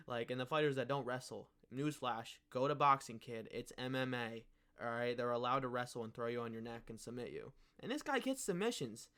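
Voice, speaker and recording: A young man rants in casual commentary, heavy on slang and cursing. He mocks his target with offhand scorn. His voice sits at an ordinary middle pitch. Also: fairly bright tone. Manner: slangy, mocking, swears a lot. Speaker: MMA commentary YouTuber.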